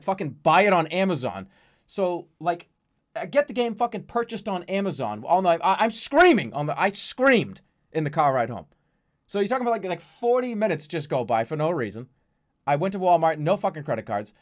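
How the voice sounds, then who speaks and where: A man streaming from his home gaming setup, ranting to chat in an exasperated, swearing, animated way. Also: high voice. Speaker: game streamer.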